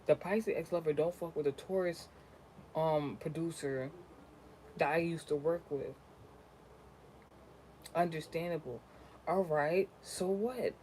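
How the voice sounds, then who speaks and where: A young woman, a content creator, tells a personal story in a casual vlog, ranting and cursing, dropping to low mutters and then rising to loud, animated outbursts. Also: a little slow, pauses often, slight background noise, low-quality recording.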